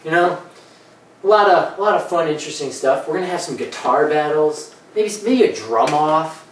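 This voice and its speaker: Hosting a laid-back comedy gaming show, a man with a slightly high, animated voice talks at normal speed. His rambling, jokey banter frequently shifts into silly character voices, recorded from afar in an echoey space with a little ambient sound.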